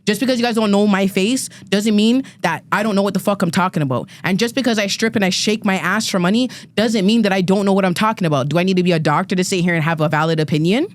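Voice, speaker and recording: A woman in her thirties launches into a fired-up rant on a podcast panel, swearing freely and stumbling over repeated words as she presses her point. Her voice sits at a middling pitch. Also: quick pace, few pauses. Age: 30s. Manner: ranting, emphatic, profane, repeats words when fired up. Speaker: guest panelist. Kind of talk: heated monologue on a panel podcast.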